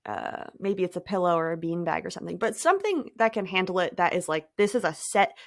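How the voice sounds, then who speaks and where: Gentle woman in a dry close recording. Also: on the low side, lively intonation, fairly quick, no echo. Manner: gentle, thoughtful, with light laughs and trailing phrases. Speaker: podcast host. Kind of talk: reflective spiritual talk.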